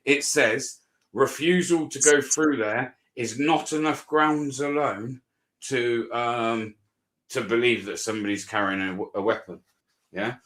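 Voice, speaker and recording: A British man telling a story in casual live chat, animated and swearing a lot as he recounts it. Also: mid-range voice, unhurried. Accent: British English. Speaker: auditor streamer. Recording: roomy echo.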